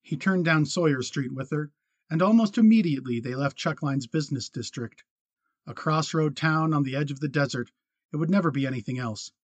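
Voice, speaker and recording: A man narrating a western novel as an audiobook in a steady, measured reading. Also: mid-range voice, no echo. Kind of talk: scripted narration.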